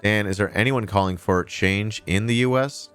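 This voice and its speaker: A man's voice: fairly low pitch, normal speed, a bit bright, clean tone, faint music behind. A man hosting a livestream, reacting to news clips in a sarcastic, ranting way and swearing freely. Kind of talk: casual livestream commentary.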